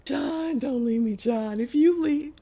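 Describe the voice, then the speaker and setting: A woman's voice: big pitch swings, a little slow, exaggerated voice. A woman voicing a desperate young wife pleading with her husband not to leave. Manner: pleading, pitched way up.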